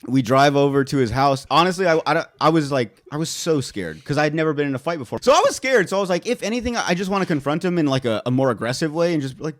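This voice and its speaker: A man's voice: on the high side, lively intonation, very fast, few pauses. A young man casually telling a rambling, profane story on a podcast, laughing as he goes. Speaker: podcast host.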